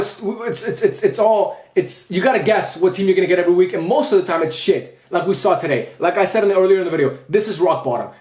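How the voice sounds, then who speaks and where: Fast-talking frustrated young man ranting. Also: high-pitched, darkish tone, reverberant. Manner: frustrated, repetitive, swearing. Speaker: football fan vlogger. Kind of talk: post-match rant.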